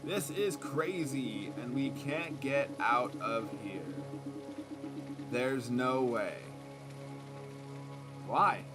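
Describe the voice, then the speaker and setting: A man's voice: medium pitch, extremely slow, pauses often, over loud music. A man reading as a panicked stranded guest. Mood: agitated. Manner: agitated, insistent. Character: panicked, defensive adult man trapped in fog.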